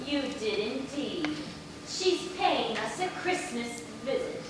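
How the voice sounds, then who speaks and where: A woman acting a wry, sharp-witted young secretary in a live stage play, with a dry delivery. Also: on the high side, very animated, slow pace. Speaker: stage actor. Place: theater stage. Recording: distant, echoey and noisy theater recording.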